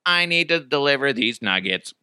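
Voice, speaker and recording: A man's voice: medium pitch, lively intonation, moderate pace, bright, forceful tone, clear, resonant tone, no room sound. A man voicing a brash, foul-mouthed female robot delivery driver who defiantly brushes everyone off. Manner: defiant, crude, dismissive.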